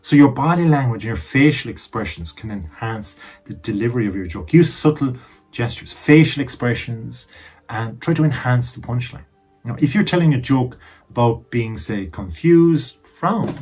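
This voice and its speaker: A man talks through tips on telling jokes in a loose, chatty way, leaning on emphasis and throwing in wry asides. His voice has a husky edge and sits at an ordinary pitch for a man. Soft music plays faintly underneath. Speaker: presenter giving joke-telling advice. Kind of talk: casual advice talk to camera. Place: indoors, seated.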